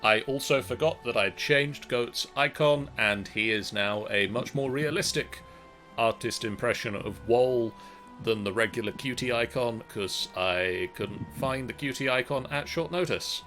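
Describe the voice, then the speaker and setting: A man's voice: medium pitch, measured pace, sharp tone, faint music behind. A man hosting a live-streamed tabletop game as game master, casual, joking and a little scattered.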